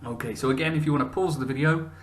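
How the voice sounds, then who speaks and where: A man's voice: on the high side, fast talker. A man teaching a recorded lesson, patient and encouraging, with many fillers and restarts.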